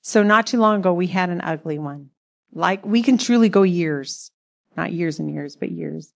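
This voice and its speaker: A woman's voice: lowish voice, moderate pace, vocal fry. Middle-aged woman, chatty, laughs a lot while telling a story about her marriage. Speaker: co-host speaking about marriage. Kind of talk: casual storytelling talk.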